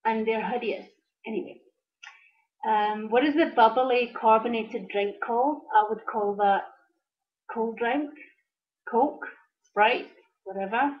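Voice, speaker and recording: A woman's voice: a little high, takes it slowly, pauses often, dull audio. A Scottish woman talking casually to her camera in a vlog, chatty and hesitant, with frequent ums. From Scotland. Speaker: vlogger.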